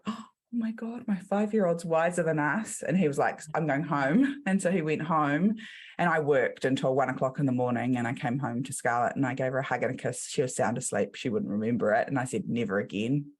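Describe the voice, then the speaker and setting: A woman's voice: rumbling low, fairly quick, slightly rough. A middle-aged woman with a New Zealand accent, a business coach guest who tells her story casually and acts out the quotes in it.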